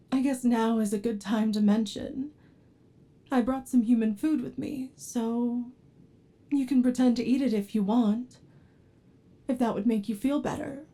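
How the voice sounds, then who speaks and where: A woman voicing an obsessive, devoted android with an unstable temper in a whispered role-play, talking softly and pleading, sometimes flaring into anger. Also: fairly high pitch, unhurried, long pauses, natural voice. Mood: tender, anxious. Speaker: ASMR role-play performer.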